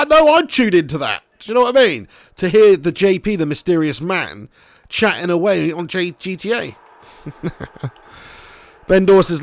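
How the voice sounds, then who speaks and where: A man commentating his football game live and reading out chat messages, excitable and swearing. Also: sits high, moderate pace, no echo. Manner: excitable, swears, cheeky banter. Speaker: gaming streamer.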